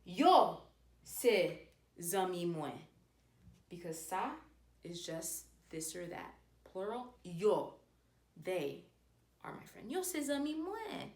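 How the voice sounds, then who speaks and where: A woman giving a casual language lesson, modeling phrases slowly and carefully. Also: fairly low pitch, sing-song. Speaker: language teacher. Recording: echoey room.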